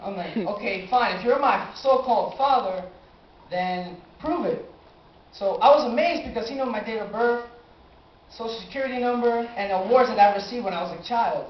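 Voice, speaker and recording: An eighteen-year-old man telling a personal story on stage, animated and acting out his own reactions. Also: high-pitched, normal speed. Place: live stage in a small cafe venue. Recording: roomy, dull amateur live recording.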